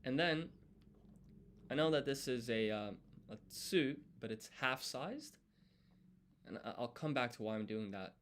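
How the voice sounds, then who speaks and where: A man studying on a live stream, thinking aloud as he writes and explaining each step in a deliberate, self-correcting way. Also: medium pitch, expressive, fairly bright tone, slight background noise. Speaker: language learner streaming his study.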